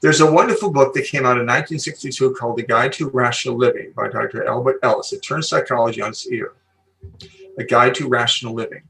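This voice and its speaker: Older man speaking slowly and emphatically. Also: mid-range voice, steady tone, vocal fry, a bit bright, recorded from a distance, rough recording. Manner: emphatic, slow deliberate pauses, storytelling. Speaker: guest, psychology speaker. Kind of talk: podcast interview.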